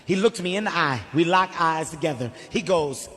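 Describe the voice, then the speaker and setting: A man doing profane, animated stand-up comedy, acting out his own scenes. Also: on the high side, normal speed, long reverb tail.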